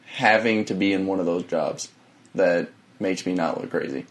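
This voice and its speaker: A man's voice: low-pitched, moderate pace. A young man co-hosting a casual podcast, laid-back, with short agreeing replies and slang. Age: young adult. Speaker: podcast co-host. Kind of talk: casual chat.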